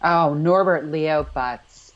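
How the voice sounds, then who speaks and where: A woman co-hosting a casual TV recap, who jokes and laughs and chimes in with quick quips. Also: low voice, muffled recording. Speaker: podcast co-host recapping a TV episode. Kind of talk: casual chat.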